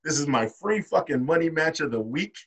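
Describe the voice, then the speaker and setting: A man's voice: on the high side, animated, brisk, fairly bright tone, slightly rough. Profane man recapping wrestling. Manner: loose and profane, reading off his notes. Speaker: podcast host. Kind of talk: casual wrestling recap chat.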